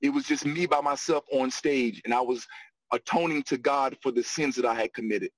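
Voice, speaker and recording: A man's voice: medium pitch, normal speed, no room sound, rough recording. A middle-aged man telling a personal story with energy, repeating words as he gathers his thoughts. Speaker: guest on a discussion panel.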